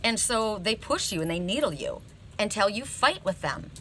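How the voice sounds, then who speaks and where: A woman's voice: medium pitch, big pitch swings, moderate pace, fairly bright tone, slight background noise. A woman reading oracle cards, telling a personal story in a chatty, emphatic way and often checking in with "right?". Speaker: oracle card reader.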